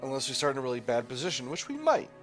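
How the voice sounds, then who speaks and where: A man's voice: medium pitch, wildly swooping pitch, very fast, fairly bright tone, faint music behind. A man hosting a gameplay video, reading the game text and thinking aloud with hesitant restarts. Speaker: gaming channel host. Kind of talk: let's play narration and reading aloud.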